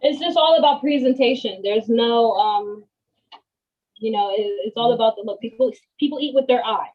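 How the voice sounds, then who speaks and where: A woman's voice: on the high side, normal speed, dull audio. A woman talking casually while she cooks on a video call, chatty and slangy, often restarting her sentences. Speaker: guest cook. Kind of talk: casual cooking demo chat.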